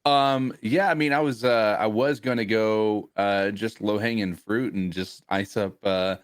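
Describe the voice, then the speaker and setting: A man co-hosting a sports podcast who talks in halting bursts, restarting and searching for his words. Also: lowish voice, fairly even intonation, smooth, dry recording, clean studio sound. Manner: halting, full of fillers and restarts. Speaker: podcast co-host. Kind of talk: casual chat.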